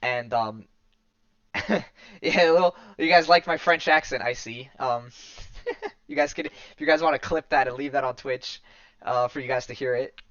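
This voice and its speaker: A man's voice: mid-range voice, sing-song, moderate pace, fairly bright tone, clean tone, no room sound. Man, podcast host, casual comic recap, rambling, lots of fillers, dull lo-fi sound. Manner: rambling, many fillers and restarts. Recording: dull lo-fi dry recording.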